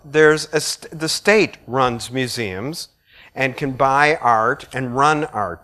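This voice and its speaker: Animated Midwestern man giving a lecture. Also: mid-range voice. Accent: American Midwestern. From American Midwest. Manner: animated, blunt and jokey, with asides to the audience. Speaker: art critic giving a lecture. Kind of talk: public lecture to an audience. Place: lecture hall.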